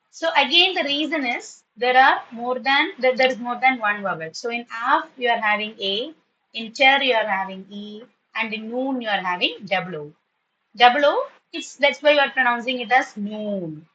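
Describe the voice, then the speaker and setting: A woman teaching an online English class, patiently spelling words and repeating them slowly. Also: fairly high pitch, pushed and bright, dull audio, a little hiss or hum.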